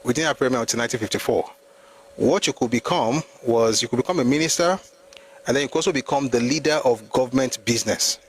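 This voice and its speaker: A man's voice: medium pitch, fast talker, a little hiss or hum, low-quality recording. Argumentative Nigerian man. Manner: argumentative, full of rhetorical questions. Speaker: host. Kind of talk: live history talk.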